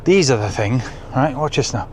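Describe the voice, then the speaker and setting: A man vlogging casually to the camera on a windy coastal hill, chatty and excitable, exclaiming at the weather, talking into a clip-on microphone. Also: medium pitch, normal speed. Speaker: overland travel vlogger. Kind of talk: casual travel vlog talk to camera. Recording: outdoor recording with clear wind noise.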